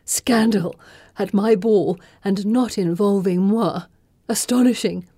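A woman's voice: medium pitch, slow, dark tone, slightly rough, no echo, clean studio sound. A woman voicing a theatrical, playful young society lady who trills her lines.

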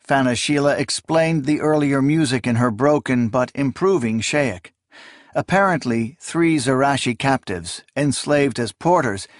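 A man reading a fantasy novel aloud as narrator, in a measured, steady storytelling delivery. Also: medium pitch, no room sound, studio quality. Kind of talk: scripted audiobook narration.

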